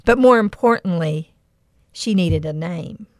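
A woman's voice: fairly low pitch, lively intonation, unhurried, no room sound, clean studio sound. A middle-aged woman hosting a podcast, telling a personal story with earnest emotion and reflecting on Bible verses. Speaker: podcast host.

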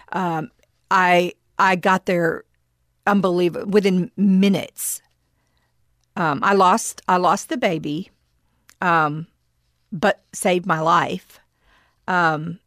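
Middle-aged woman, low voice, halting testimony; dry and close. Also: no room sound. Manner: reflective and halting, with frequent pauses and restarts. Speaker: storyteller. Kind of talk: personal testimony.

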